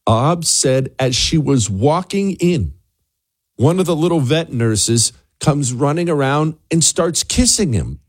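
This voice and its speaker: A man's voice: fairly high pitch, animated, takes it slowly, husky, dry recording, studio quality. A man hosting a talk radio show, delivering an opinionated monologue with sarcastic asides and emphatic repetition. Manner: emphatic, repeats words for punch.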